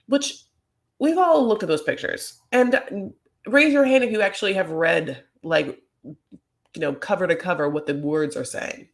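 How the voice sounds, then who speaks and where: A man's voice: high-pitched, measured pace, vocal fry. A man hosting a comedic reality TV recap, talking in a rambling, campy way full of fillers.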